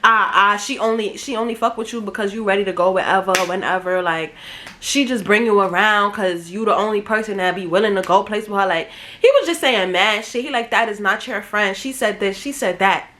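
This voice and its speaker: A young woman telling a casual storytime vlog, slangy and animated, acting out the people she quotes. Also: medium pitch, brisk. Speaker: vlogger.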